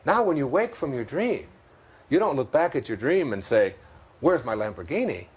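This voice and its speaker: A man's voice: a little high, very animated, normal speed, husky. A man with a Detroit accent, a guest in an interview, talking reflectively about spiritual ideas and often laughing through his stories. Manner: thoughtful, laughs often while telling stories.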